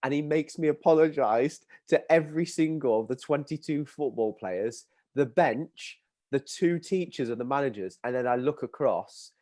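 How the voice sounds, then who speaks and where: A man in his thirties with an English accent, hosting a podcast and telling an animated school story with laughter. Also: mid-range voice, moderate pace. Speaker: podcast host. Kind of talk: casual chat, storytelling.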